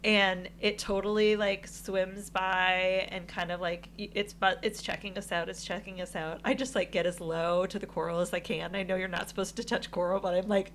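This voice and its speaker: A woman co-hosting a podcast, telling a travel story in casual chat, animated and laughing often. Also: medium pitch, moderate pace, few pauses, a little hiss or hum. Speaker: podcast co-host.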